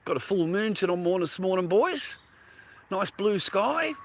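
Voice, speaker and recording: A man's voice: high voice, sing-song, normal speed, a little hiss or hum. A middle-aged Australian man rambling in a casual, profane monologue to camera outdoors by the water. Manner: profane, rambling, slangy, repeats himself. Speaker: vlogger.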